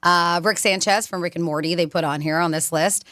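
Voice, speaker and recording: A woman hosting a radio talk show, chatting in a lively way and laughing often, recorded on a studio microphone. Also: lowish voice, brisk. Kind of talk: casual radio chat.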